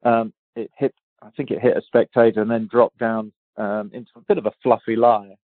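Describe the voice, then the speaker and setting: A man in his fifties from England tells golf stories in a loose, rambling way, restarting sentences and laughing as he goes. His voice sits a little low. It comes through a tinny, phone-like line with a dry sound. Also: flat delivery, brisk, dry recording. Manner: rambling, many restarts and fillers, laughs easily. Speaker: guest golfer. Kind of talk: casual interview storytelling.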